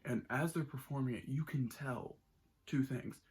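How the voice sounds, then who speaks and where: A man's voice: medium pitch, normal speed, darkish tone, slightly rough. A man giving a casual, enthusiastic spoken movie review, rambling with many restarts.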